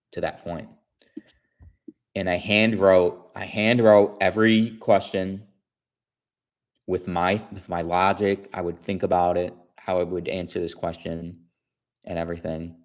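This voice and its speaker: A man's voice: deep voice, steady tone, normal speed. A man casually telling a long story on his stream. He repeats himself and restarts his sentences often. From Chicago area.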